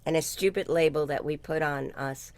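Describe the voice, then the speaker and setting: A woman's voice: deep voice, moderate pace, a little mellow, no echo. An older woman telling a story in a casual chat, blunt and salty-tongued, laughing often. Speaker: guest speaker. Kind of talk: casual video-call chat.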